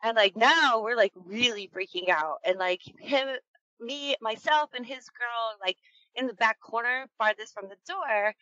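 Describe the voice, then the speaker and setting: A woman's voice: a little high, measured pace, sharp tone, dry recording, lo-fi sound. A woman in her thirties telling a frightening true story in a casual, rambling way, full of fillers and swearing. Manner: tense, keyed-up retelling.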